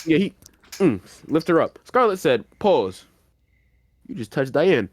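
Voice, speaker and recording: A man's voice: a little high, big pitch swings, a little slow, dry recording. A man co-hosting a podcast, animatedly recapping an anime plot in casual slang and acting out the characters' lines. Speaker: podcast co-host.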